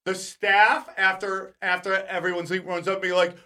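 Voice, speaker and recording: A male comedian telling a long story in casual chat, animated and profane, acting out voices of the people in it. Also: high voice, normal speed. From California. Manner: animated, profane, acts out voices in his stories. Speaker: comedian guest.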